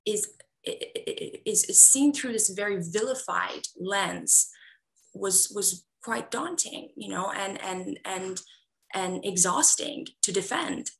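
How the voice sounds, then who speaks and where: A woman's voice: medium pitch, expressive, slow pace, gravelly, fairly bright tone, poor audio. A woman who grew up in Iran, an author answering interview questions earnestly, with many fillers and restarts. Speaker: author guest.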